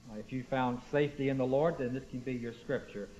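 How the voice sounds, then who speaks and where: Speaking fast in a steady, medium-pitched voice with a slightly mellow quality, a male pastor addresses his church congregation. He quotes scripture emphatically and asks the room questions while faint music plays behind him. The recording sounds dull and lo-fi.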